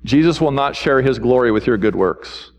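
A male pastor preaching a sermon in a church, talking conversationally, asking the congregation questions and dropping low and quiet to drive points home. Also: animated, moderate pace. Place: church sanctuary. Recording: long hall reverb.

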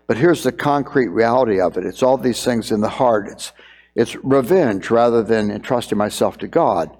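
A middle-aged man preaching as a pastor, earnest, sometimes acting out scenes in quick raised voices. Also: mid-range voice, darkish tone, big-room sound. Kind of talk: sermon on parenting.

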